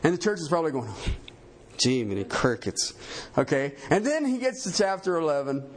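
A pastor preaching a sermon in an emphatic, animated way, often checking in with his congregation. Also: on the high side, quick pace.

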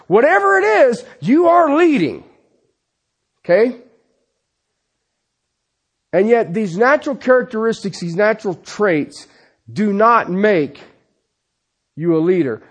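A man preaching a sermon who keeps asking rhetorical questions and checking in with the congregation with "okay?", telling stories with animation. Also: sits high. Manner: peppers his points with rhetorical questions and "okay?".

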